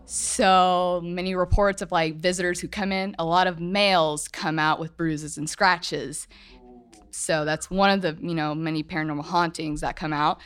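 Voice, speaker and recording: A woman's voice: on the low side, fairly even intonation, moderate pace, fairly bright tone, clean tone. A woman telling a ghost story at a live podcast show in a meandering, self-correcting way. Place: hotel event room, live show.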